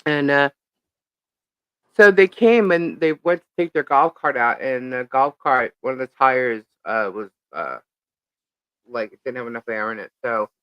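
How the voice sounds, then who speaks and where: A woman's voice: extremely low pitch, no room sound, muffled recording. A woman co-hosting a live stream, telling a rambling story in casual chat, laughing often and filling with "uh" and "like".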